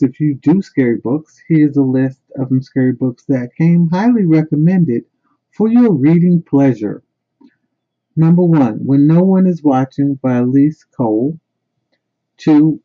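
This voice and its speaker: A man chatting as a book blogger in a casual book and movie review, emphatic and repeating phrases for stress. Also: medium pitch. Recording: tinny phone-like sound.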